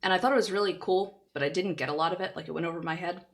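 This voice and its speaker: A woman's voice: on the low side, rapid-fire. A woman streamer reading a light novel aloud and chatting with her viewers, laughing often.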